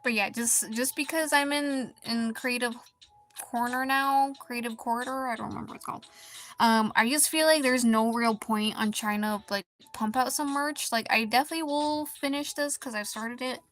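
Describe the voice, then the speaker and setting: A woman streaming as an artist, chatting casually while she draws, in a halting, rambling and quietly deflated way. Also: fairly high pitch. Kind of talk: casual chat while drawing.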